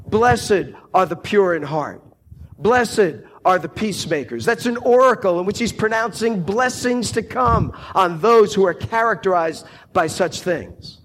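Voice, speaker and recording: A man preaching a sermon, slow and deliberate, lifting his voice on quoted cries. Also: high-pitched.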